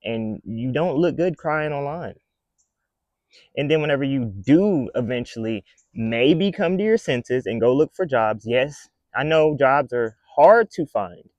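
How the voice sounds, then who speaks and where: A man's voice: medium pitch, animated, unhurried, a little mellow, dry recording, highs cut off. Blunt scolding male vlogger. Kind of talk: casual commentary rant.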